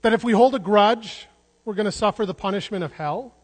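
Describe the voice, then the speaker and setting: A man's voice: high-pitched, a little fast. A man preaching a sermon in an earnest way, restarting words and repeating phrases for emphasis. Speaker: pastor. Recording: long hall reverb.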